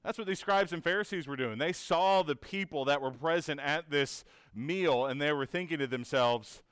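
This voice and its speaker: Smooth-voiced man teaching a Bible lesson. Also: a little high, normal speed, few pauses, fairly bright tone, dry recording. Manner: asks rhetorical questions, often tagged with "right?"; earnest and encouraging.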